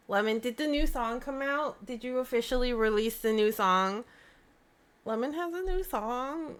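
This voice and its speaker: A woman's voice: on the high side, expressive, moderate pace, smooth. Bubbly woman chatting on a live stream. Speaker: livestream host. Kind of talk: casual live-stream chat.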